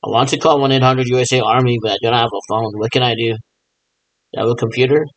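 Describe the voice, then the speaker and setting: A man's voice: mid-range voice, steady tone, very fast, no room sound, rough recording. A man in a rambling, improvised monologue, mimicking radio check chatter and answering himself in a repetitive back-and-forth.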